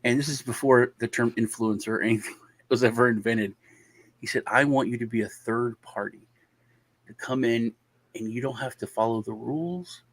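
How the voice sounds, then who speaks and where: A man telling a long anecdote on a casual panel show and acting out the other people in it. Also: mid-range voice. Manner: animated anecdote-telling, acts out quoted voices. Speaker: panel guest.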